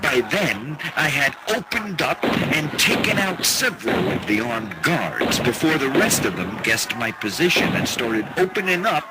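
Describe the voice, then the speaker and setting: A man's voice: mid-range voice, big pitch swings, unhurried, hardly any pauses. A man narrating a pulp radio drama in first person as a gritty, hard-boiled action hero. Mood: dramatic. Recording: narration over loud music.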